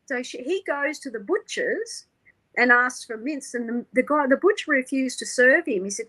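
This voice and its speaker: High bright woman telling her story. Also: normal speed, low-quality recording. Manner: animated, acts out quoted voices, laughs often. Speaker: interview guest. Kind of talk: emotional personal storytelling.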